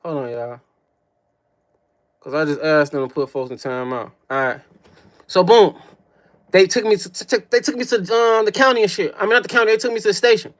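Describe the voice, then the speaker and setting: A young man from Chicago, a streamer, tells a personal story on a livestream, peppering it with profanity, slang, and mouth sound effects. His voice is high and a little fast, broken up by long pauses.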